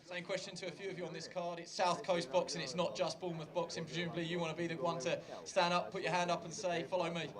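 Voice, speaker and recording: A male interviewer asking fighters questions at a quick clip in a flat, level tone. A loud crowd fills the background. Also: a little high. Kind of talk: post-weigh-in interview.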